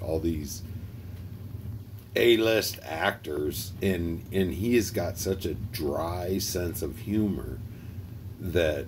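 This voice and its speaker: Slow, deep-voiced older man chatting. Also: darkish tone, slight background noise. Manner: rambling, laughs often, talks to chat by name. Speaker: livestream host. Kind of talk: casual chat with viewers.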